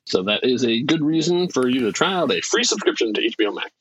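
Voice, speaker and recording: Lively husky-voiced man chatting. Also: medium pitch, fast talker, poor audio. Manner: animated, laughs often, restarts sentences. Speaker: podcast co-host. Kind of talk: casual chat.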